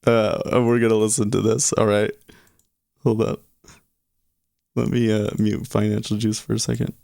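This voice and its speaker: A man's voice: fairly low pitch, completely flat delivery, moderate pace, creaky, a little mellow, no echo, clean studio sound. A man hosting a casual livestream, rambling and cutting himself off as he talks. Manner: rambling, self-interrupting. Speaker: livestream host.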